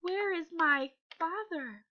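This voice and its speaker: A woman voicing a frightened little bear cub in a storybook, pleading in a high, anxious way. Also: slow pace, lo-fi sound. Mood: scared. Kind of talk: read-aloud storybook voice.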